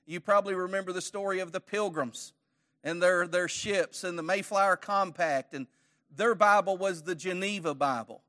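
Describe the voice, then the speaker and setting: Guy teaching bible class, pretty high voice for a man, keeps asking the room questions, cracks little jokes. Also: moderate pace, sharp tone. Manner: conversational, quizzes the audience with questions; light joking asides. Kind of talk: church Bible study lesson.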